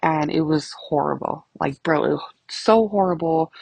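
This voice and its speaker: Her voice is low, creaky, and slightly rough, moving at a moderate pace with no echo. She's a podcast host in her thirties telling casual stories on her own show, laughing often and swearing plenty as an animated storyteller.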